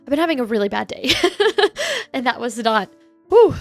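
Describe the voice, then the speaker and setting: Casting: high-pitched woman with vocal fry, emotional and near tears, chatty co-host. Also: expressive, dry recording, faint music behind. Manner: gushing and tearful, quick to laugh. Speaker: podcast co-host. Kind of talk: casual chat.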